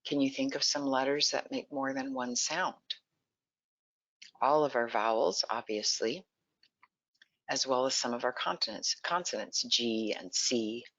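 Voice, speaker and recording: A presenter walks listeners through early literacy in an online webinar, keeping the tone bright and forceful. The delivery is patient and explanatory, with frequent questions to the audience. The sound is dry and close, a little dull and lo-fi. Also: mid-range voice, a little slow, no echo. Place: lives in Texas.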